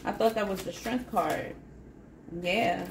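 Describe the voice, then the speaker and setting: A woman's voice: mid-range voice, takes it slowly, vocal fry, background noise. A woman with a mid-range voice gives a casual spiritual tarot reading. She sounds effusive and encouraging, and she often repeats a phrase to drive it home. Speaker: tarot reader.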